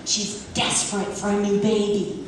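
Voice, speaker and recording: A woman's voice: medium pitch, flat delivery, normal speed, slight background noise. A woman reading a children's book aloud in a large indoor hall, chatty and self-mocking. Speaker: guest reader to schoolchildren. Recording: echoey hall, distant mic.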